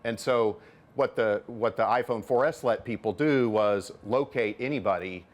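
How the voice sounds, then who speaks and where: A man's voice: fairly low pitch, normal speed. A middle-aged man, a venture capitalist and author, answering interview questions in an explanatory way, often repeating words as he builds a point.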